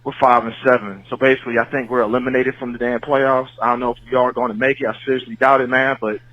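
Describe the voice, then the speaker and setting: A man's voice: mid-range voice, flat delivery, quick pace, no room sound, muffled recording. A man calling in to a fan podcast, angry and profane about a loss. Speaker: caller. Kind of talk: phoned-in fan rant.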